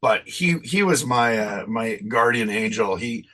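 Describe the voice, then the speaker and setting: A man's voice: fairly low pitch, animated, unhurried, sharp tone. A man in his fifties, an interview guest, chatting casually with a rambling, self-deprecating manner and frequent laughs.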